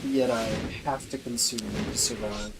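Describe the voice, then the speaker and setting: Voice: mid-range voice, steady tone, normal speed. A sleepy streamer chatting casually over gameplay, rambling through self-mocking jokes. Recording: clear background noise.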